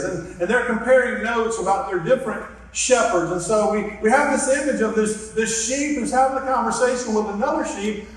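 High-voiced preacher in an echoey hall. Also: male voice, recorded from a distance. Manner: earnest, reflective, leads the audience through a hand gesture exercise. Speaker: pastor. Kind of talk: sermon.

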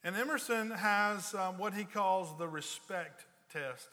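Pastor guy giving a sermon, bright forceful voice, gets loud telling stories then goes quiet and slow. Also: long reverb tail. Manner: storytelling, builds loud and high for anecdotes, drops low and slow for serious points.

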